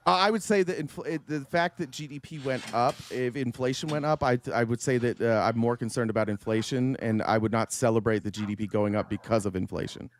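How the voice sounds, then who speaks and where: Defensive fast-talking man in a debate. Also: mid-range voice. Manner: quick, defensive, talks over others. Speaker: debater hosting a watch party. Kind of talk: heated online debate.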